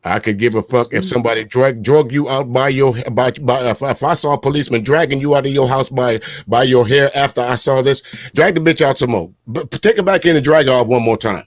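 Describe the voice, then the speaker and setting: A man's voice: mid-range voice, brisk, hardly any pauses. A man from South Carolina talks in a blunt, profane, fired-up way as he co-hosts a casual talk. His voice sits in a middle range, and the recording sounds close and dry with no room echo. He comments on clips bluntly and without hedging. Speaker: co-host.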